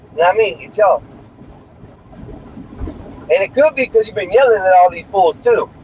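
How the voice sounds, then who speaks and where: Brash high-voiced man streaming from his car. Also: animated, moderate pace, darkish tone. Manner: brash, crude and rambling. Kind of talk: casual livestream chat while driving. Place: inside a moving car. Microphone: phone. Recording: muffled sound with faint road noise.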